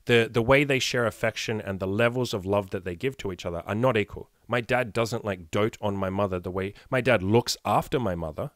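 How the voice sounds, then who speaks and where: A man's voice: on the low side, no room sound, clean studio sound. A man in his thirties, a dating coach talking bluntly and profanely on a casual podcast, with emphatic rhetorical questions. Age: 30s.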